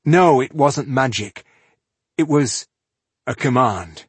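A man voicing a bad-tempered one-eyed male dwarf warrior who snaps impatiently, with a husky voice. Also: mid-range voice, animated, slow pace, no echo, voice pushed up, exaggerated voice. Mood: indignant. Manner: impatient, grumbling, snappish.

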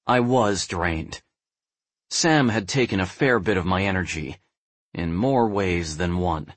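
A young adult man narrating a first-person novel in a measured, brooding way. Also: deep voice, dry recording. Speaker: audiobook narrator.

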